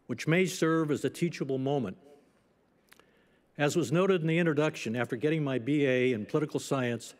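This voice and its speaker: An older man in his eighties delivering a commencement address, telling stories at a measured pace with gentle humor. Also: mid-range voice. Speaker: commencement speaker. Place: outdoor ceremony stage.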